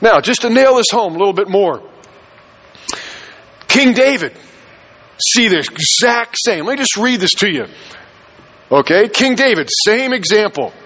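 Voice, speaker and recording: A man's voice: high voice, lively intonation, unhurried, pauses often, fairly bright tone, low-quality recording. A man preaching a sermon as pastor, emphatic, repeating key phrases and firing rhetorical questions at the congregation.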